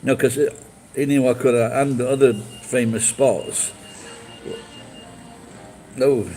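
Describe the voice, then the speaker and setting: A man's voice: mid-range voice, steady tone, slow, dark tone, rough recording. A man live streaming and chatting with viewers, blunt and profane as he berates them.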